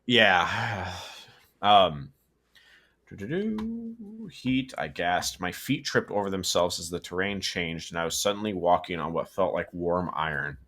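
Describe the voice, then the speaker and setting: A man's voice: low-pitched, measured pace, pushed and bright. A man casually reading a horror story aloud, stumbling, correcting himself and adding asides. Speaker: story reader and co-host.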